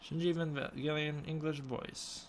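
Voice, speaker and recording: A man's voice: fairly high pitch, little pitch movement, measured pace, a little hiss or hum. A young man casually answering chat questions on a live stream from his room, mumbling and unsure of himself. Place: home room with a snake tank.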